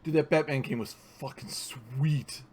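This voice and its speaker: A man's voice: medium pitch, a little slow, a little mellow, slight background noise. A man hosting a podcast in casual chat, blunt and teasing, swearing freely. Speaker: podcast host.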